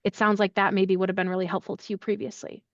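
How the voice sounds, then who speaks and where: A woman guest on an interview podcast speaks in an animated, chatty way full of casual fillers. Her voice sits mid-range and is recorded dry, with no room sound. The audio is slightly dull and lo-fi. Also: medium pitch, quick pace, dry recording. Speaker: accessibility services head, podcast guest. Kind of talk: conversational interview answer.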